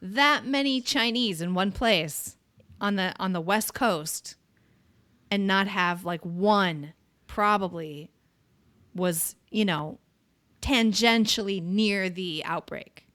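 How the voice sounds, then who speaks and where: A woman hosting a podcast, telling stories in an animated, sarcastic way. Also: medium pitch, takes it slowly. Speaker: podcast host. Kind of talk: casual chat.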